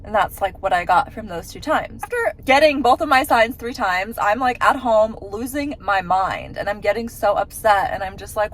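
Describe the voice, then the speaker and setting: A woman vlogger chatting her way through a personal story, animated and full of "like"s. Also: a little high, a little hiss or hum. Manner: chatty, animated retelling with many "like"s. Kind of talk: casual storytelling.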